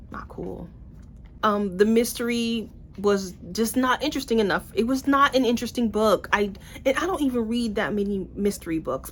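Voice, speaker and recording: A young woman casually reviewing books in a vlog, blunt and animated, with swearing and playful asides. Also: medium pitch, a little hiss or hum. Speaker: book reviewer.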